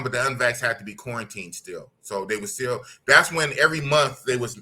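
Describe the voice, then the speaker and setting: Reading viewer comments from live chat, this middle-aged podcast host from the United States talks bluntly and with slang, repeating his points. He speaks in a mid-range voice with a sharp tone.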